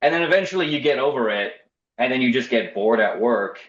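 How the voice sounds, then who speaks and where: A man's voice: medium pitch, animated, a little fast. Wry young man telling a story. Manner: wry, self-deprecating, acts out quoted voices. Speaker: storyteller guest. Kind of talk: casual personal storytelling. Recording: roomy, slightly dull podcast audio.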